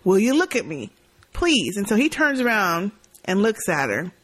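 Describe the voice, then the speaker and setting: A woman's voice: mid-range voice, normal speed, noisy background. A woman co-hosting a podcast, chatting casually as she recaps a TV episode and acts out lines from scenes. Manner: animated, laughs often, acts out lines from scenes. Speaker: podcast co-host.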